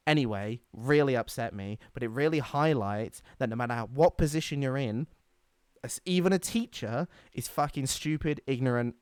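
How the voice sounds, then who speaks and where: A young man co-hosting a casual podcast, telling stories in an animated, indignant way. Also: medium pitch, no echo, studio quality. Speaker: podcast co-host.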